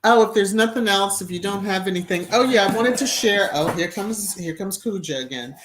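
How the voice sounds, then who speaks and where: A middle-aged woman with a medium-pitched voice talks briskly as she hosts a casual live stream. She reads viewer comments out loud, laughs a lot, and now and then slips into short sung phrases.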